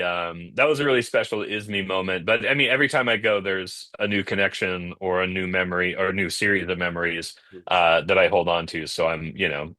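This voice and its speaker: A man's voice: sits low, sharp tone, no room sound. A man chatting as a guest on a video call, rambling with lots of fillers and restarts. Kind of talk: casual video-call interview. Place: home in the North Jersey area.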